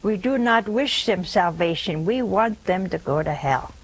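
An older woman preaches slowly to her callers, earnest and unhurried. She leans on repeated phrases to drive a point home, keeping a steady, measured delivery. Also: mid-range voice, slight background noise, low-quality recording. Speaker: host of a religious call-in show.

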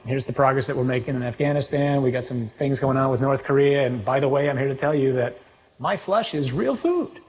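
A man's voice: mid-range voice, brisk. Man preaching in an echoing hall. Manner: animated, reads scripture aloud with rising emphasis. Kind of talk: sermon with scripture reading. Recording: long hall reverb.

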